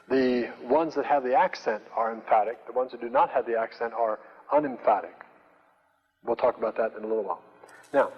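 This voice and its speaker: An older man teaching a Greek class, speaking slowly with many fillers and restarts. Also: mid-range voice. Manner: slow, hesitant, many fillers. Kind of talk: classroom lecture. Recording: dull, roomy lecture recording.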